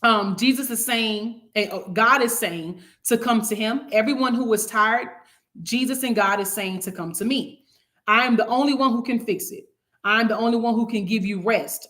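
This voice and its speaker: Woman teaching a casual Bible study. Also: a little high. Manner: conversational, preachy, acts out little quoted scenes.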